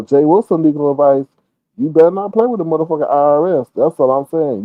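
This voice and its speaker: A man's voice: fairly high pitch, dry recording, phone-quality sound. A man giving rambling, profane casual commentary on a livestream and answering chat.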